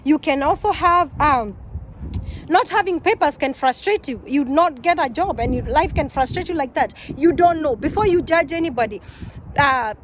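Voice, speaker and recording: A woman's voice: high voice, normal speed, slight background noise, poor audio. A Kenyan woman giving earnest, heartfelt advice in a casual vlog, often repeating her points. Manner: earnest, repeats herself, animated quoting. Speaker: vlogger.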